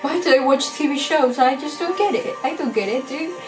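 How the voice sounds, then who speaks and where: A woman vlogger reacting to a TV episode, excitable and swearing as she shouts at the screen. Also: high voice, brisk. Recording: echoey room with faint TV music.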